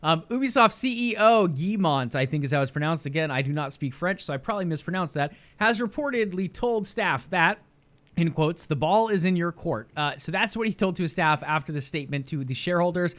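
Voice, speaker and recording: A man co-hosts a casual gaming news stream. His voice sits a little high, and he talks in loose, filler-heavy runs and laughs easily. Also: lively intonation, fairly quick, a bit bright. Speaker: podcast co-host.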